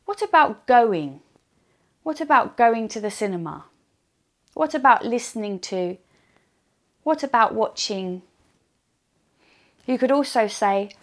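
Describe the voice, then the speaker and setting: A woman teaching an online English lesson, slowly and deliberately repeating example phrases. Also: mid-range voice, expressive.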